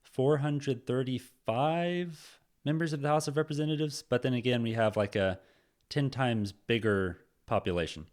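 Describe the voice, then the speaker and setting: A man from the United States giving casual, animated reaction commentary, laughing often. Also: medium pitch, moderate pace. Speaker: reaction channel host.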